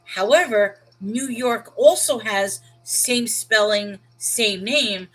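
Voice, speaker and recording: A woman's voice: medium pitch, slow pace, fairly bright tone, poor audio. Rambling, laughing woman chatting. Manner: rambling, self-interrupting, often laughing. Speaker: channel host. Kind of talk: casual chat.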